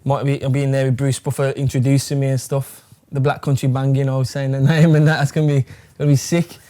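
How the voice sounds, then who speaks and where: Young man, flat monotone delivery, rambling casual chat, loose swearing. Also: mid-range voice, fast talker. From England. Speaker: fighter. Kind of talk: casual interview.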